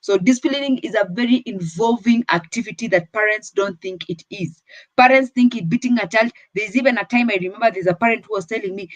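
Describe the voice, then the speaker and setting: A woman's voice: on the high side, fast, no room sound, highs cut off. A woman with a Kenyan accent giving firm parenting advice on a talk show. She switches between English and Swahili.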